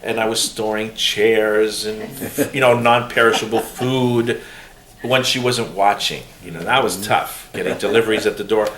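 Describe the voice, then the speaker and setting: A middle-aged man telling family stories in a casual, animated way during an oral history interview, with laughter. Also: fairly low pitch, normal speed. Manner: animated, laughing, mimics voices when quoting. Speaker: interviewee's son. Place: room in a museum. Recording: roomy room with faint hiss.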